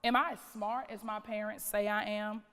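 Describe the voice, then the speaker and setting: A woman's voice: mid-range voice, fairly even intonation, moderate pace, a bit bright. A woman, giving a keynote speech in dramatic strings of rhetorical questions. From North Carolina. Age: late 30s. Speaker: keynote speaker, school principal. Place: large conference hall. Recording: reverberant hall.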